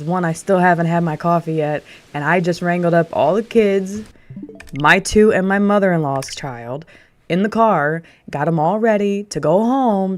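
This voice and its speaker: Young streamer gal ranting to chat, kinda low voice, laughs a lot. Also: female voice. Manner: ranting storyteller, laughs often. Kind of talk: casual chat to a live audience.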